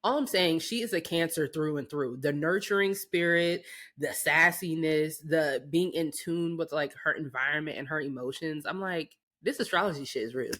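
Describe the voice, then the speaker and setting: Animated young woman telling family stories. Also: low voice, normal speed. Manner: animated storytelling, acts out voices, swears freely. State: pregnant. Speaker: podcast co-host. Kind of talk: casual chat.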